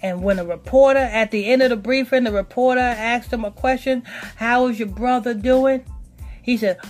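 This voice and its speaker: A woman's voice: on the high side, normal speed, darkish tone, faint music behind. A woman co-hosting a casual commentary podcast, blunt and emphatic, often repeating her points. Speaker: podcast co-host.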